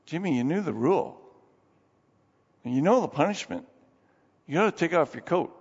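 A man voicing a reluctant male schoolteacher who is stern but torn, speaking in a measured, hesitant way. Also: a little high, expressive, gravelly, a little mellow, husky, heavily acted. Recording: dull sound with long hall reverb.

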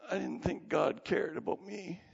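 Preacher doing a broken tired guy, quiet, gravelly, muffled. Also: sits high, moderate pace, voice pushed up, exaggerated voice. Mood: despairing. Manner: quiet, faltering. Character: broken, weary big man in rehab. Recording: dull with long hall reverb.

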